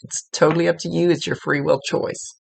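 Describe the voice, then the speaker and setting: A woman psychic medium giving a casual, gently instructive reading, relaying messages with chatty asides. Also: low-pitched, little pitch movement, brisk, creaky, husky. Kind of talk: casual spoken reading to a client.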